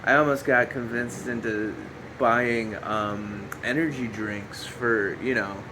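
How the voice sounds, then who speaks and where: Dude rambling on his own podcast, slow and goofy, fan whirring in the back. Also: medium pitch, fairly even intonation. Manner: goofy, joking, self-mocking, breaks into shouty bits. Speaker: podcast host. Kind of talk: rambling solo podcast monologue. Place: home room with a fan running. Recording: faint fan hum behind.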